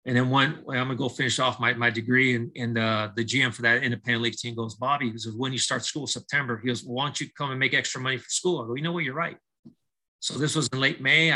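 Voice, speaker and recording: The recording is rough, and the man's voice sits at a medium pitch. He's a middle-aged baseball coach recounting his life on a podcast, an animated storyteller who voices the dialogue himself and restarts many times, in an interview that plays like testimony.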